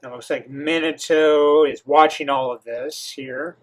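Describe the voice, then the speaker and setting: A man hosting a comic reaction, reading and commenting with many halting pauses and eager asides. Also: a little high, fairly even intonation. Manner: halting, filler-heavy, enthusiastic asides.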